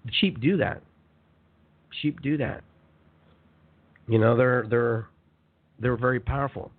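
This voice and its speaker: Man, radio host, motivational spiritual talk, animated and conversational, repeats phrases, tinny phone-line sound. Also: medium pitch, takes it slowly.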